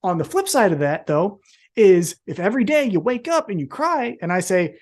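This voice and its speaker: A woman's voice: medium pitch, very animated, a little fast, a little mellow. A woman co-hosting a wrestling podcast, chatting casually with emphatic swearing. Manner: profane, emphatic. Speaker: podcast co-host.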